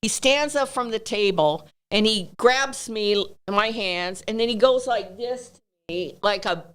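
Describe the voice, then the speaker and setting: A woman chatting on a podcast, her voice smooth and clean. She tells long stories in an animated way. When she quotes other people she lifts her voice high. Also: measured pace. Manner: animated storyteller, acts out quotes in raised voice. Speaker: guest telling stories. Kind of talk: casual storytelling in a podcast interview.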